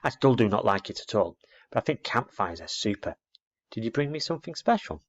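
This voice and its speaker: A man's voice: fairly low pitch, a little fast. A man voicing a small, timid but eager young barn owl chick in a storybook reading. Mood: earnest. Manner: excitable, earnest. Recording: dull lo-fi recording.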